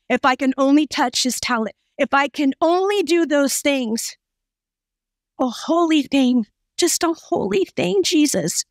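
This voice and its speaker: A woman preacher voicing a desperate, ashamed woman who longs to be healed, speaking in a pleading hush. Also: high-pitched, no room sound, studio quality.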